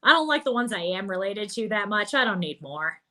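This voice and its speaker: A woman from Buffalo, New York, hosting a casual video-call interview, chatty and teasing with quick wit. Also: medium pitch, big pitch swings, sharp tone. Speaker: radio show host.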